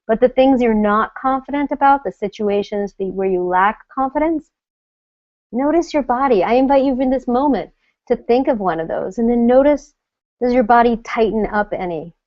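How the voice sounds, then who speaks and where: A middle-aged woman coaching an online audience on confidence, animated and now and then acting out nervous inner voices. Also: on the high side, moderate pace, no echo, muffled recording. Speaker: confidence coach hosting a live web session.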